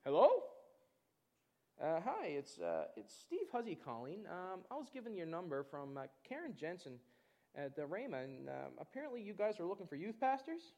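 Lively high-voiced man telling a testimony. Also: brisk. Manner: animated storytelling, acting out other people's voices. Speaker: pastor. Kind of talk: testimony in a church sermon.

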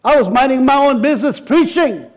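The recording is rough, and the pastor's voice is very high and fairly quick. His sermon is animated storytelling, complete with dialogue he acts out and frequent repetitions.

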